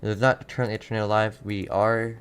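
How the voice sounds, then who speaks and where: A young man with a lowish voice runs a live weather stream from his home desk, reading chat comments aloud and repeating town names before each storm alert. He sounds casual and a little distracted, and faint keyboard typing is heard behind him. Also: level tone, a little fast, a little hiss or hum. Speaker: livestream weather host.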